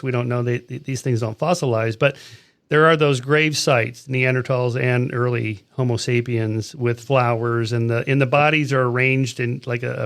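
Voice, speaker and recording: A man in his sixties hosting a podcast, chatting casually and cutting in on himself in a conversational interview. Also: mid-range voice. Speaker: podcast host.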